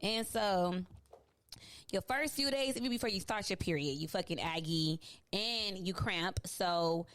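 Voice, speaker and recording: A woman's voice: mid-range voice, measured pace, a bit bright. A woman hosting a podcast in casual, blunt chat, swearing freely and laughing often. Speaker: podcast host.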